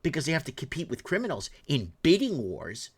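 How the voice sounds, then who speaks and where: A man's voice: on the high side, huge pitch swings, a little fast, slightly rough. A middle-aged man, commenting in an impassioned rant, indignant and heated with frequent restarts. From Canada.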